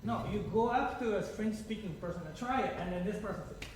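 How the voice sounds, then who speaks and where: A man's voice: high voice, fast. A man with a non-native English accent teaching a piano masterclass, talking in a chatty, digressive way and asking his students lots of rhetorical questions. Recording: distant mic in an echoey room with noise.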